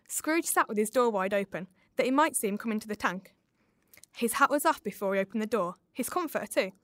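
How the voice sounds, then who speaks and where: Woman, story reader, expressive, higher voice, dry close recording. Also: no room sound. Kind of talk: reading a classic story aloud.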